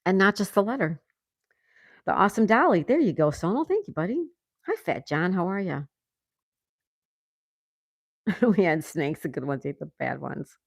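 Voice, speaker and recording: A woman's voice: fairly low pitch, big pitch swings, normal speed, gravelly, long pauses, dry recording, clean studio sound. A woman hosting a casual livestream, reading viewer comments aloud and laughing often. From United States. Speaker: livestream host. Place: home in Florida.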